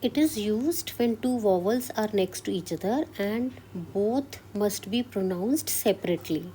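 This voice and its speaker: A woman teaching French step by step and often checking with "Clear?", switching between English and Hindi. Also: medium pitch, animated, measured pace, mellow, a little hiss or hum. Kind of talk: classroom-style language lesson.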